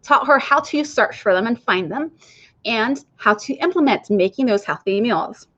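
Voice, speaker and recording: A woman's voice: a little high, animated, normal speed, fairly bright tone. Chatty woman health coach, lo-fi. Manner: chatty, addresses viewers directly. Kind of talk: casual online coaching talk.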